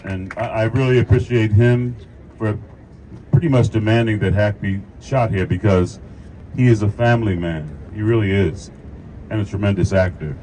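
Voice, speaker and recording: A man's voice: on the low side, moderate pace, mellow, a little hiss or hum, rough recording. A man, an actor, giving a rambling, emotional speech at an outdoor union rally, laughing and repeating himself into a handheld mic. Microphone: handheld microphone.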